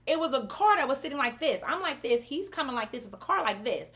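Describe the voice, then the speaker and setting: A woman who owns a cosmetics brand tells viewers a story on her livestream, calling them "y'all" and "baby." Her voice is high-pitched, sing-song and sharp, moving briskly with few pauses as she swears freely and speaks emphatically in a casual way.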